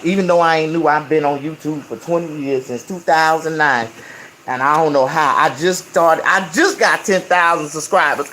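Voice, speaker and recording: A man in his fifties talking loudly and casually to his viewers while eating, rambling and preaching between bites and humming over his food. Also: fairly high pitch, slight background noise. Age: 50s. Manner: loud, preachy, with rambling riffs; chews and hums with food in his mouth. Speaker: YouTube vlogger.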